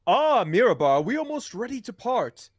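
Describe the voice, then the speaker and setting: A man voicing a friendly, slightly boastful adventurer in a tabletop game, speaking haltingly and repeating words. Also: very high voice, sing-song, dry recording, voice pushed up, heavily acted.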